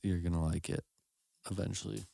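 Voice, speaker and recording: A man's voice: low voice, steady tone, brisk, gravelly, dark tone. A young man co-hosting a podcast, laid-back and goofy in casual banter. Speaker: podcast co-host.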